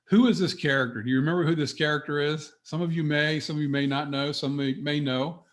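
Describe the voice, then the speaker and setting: A middle-aged man coaching business owners on a webinar, talking straight to his audience in an energetic, motivational way. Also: on the high side, a little fast. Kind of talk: webinar presentation.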